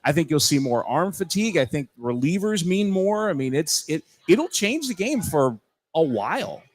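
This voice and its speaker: A man guesting on a live radio show from a bar, telling animated stories and mimicking accents. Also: on the high side, normal speed. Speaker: TV reporter guest. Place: bar, live remote broadcast.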